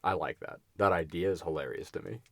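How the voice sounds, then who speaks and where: A man's voice: sits low, quick pace, a bit bright, no room sound. A man co-hosting a podcast, chatting casually and telling a rambling story with frequent laughs and restarts. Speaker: podcast co-host. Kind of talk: casual chat.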